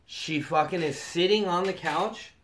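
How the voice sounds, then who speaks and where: A young man telling a long, profane story in casual chat, animated and quoting others. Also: high voice, measured pace, slight background noise.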